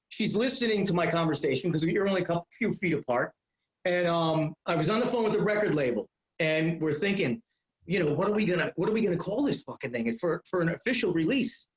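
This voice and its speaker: A middle-aged man telling stories on a podcast, animated and profane, repeating phrases as he goes. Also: a little high, fairly quick, roomy sound, rough recording. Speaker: guest, comedian. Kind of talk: casual storytelling.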